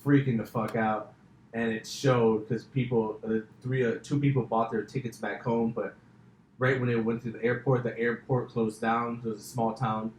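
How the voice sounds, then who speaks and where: A man's voice: medium pitch, flat delivery, moderate pace, a little mellow, a little hiss or hum. A man hosting a podcast, telling a story in casual chat, full of "like" fillers. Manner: storytelling, filler-heavy, says like a lot. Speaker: podcast host. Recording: roomy echo.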